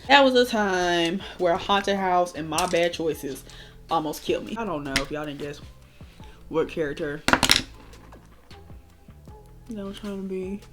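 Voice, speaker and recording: A young woman telling a wild storytime while doing her makeup, swearing and laughing as she goes. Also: lowish voice. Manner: animated, swearing, laughing often. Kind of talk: casual storytime chat.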